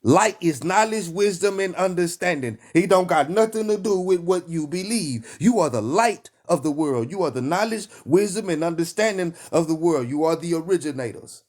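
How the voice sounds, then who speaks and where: An online preacher with a Texan accent delivers a fiery live stream sermon, his voice on the high side, expressive and darkish, at a moderate pace with hardly any pauses. Emphatic and repetitive, he hammers his lines like call and response.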